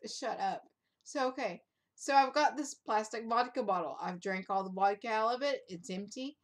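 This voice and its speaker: A woman's voice: a little high, moderate pace. A woman in her thirties telling a wild story on a casual live stream, laughing often and cursing, into a webcam mic. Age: 30s. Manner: laughing, animated, profane storyteller. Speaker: co-host.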